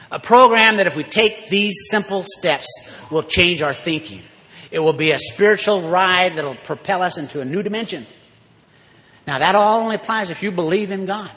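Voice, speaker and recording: A man giving a folksy, emphatic recovery talk to an audience, sometimes rising to loud exhortation. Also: high-pitched. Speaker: recovery speaker. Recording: hall reverb.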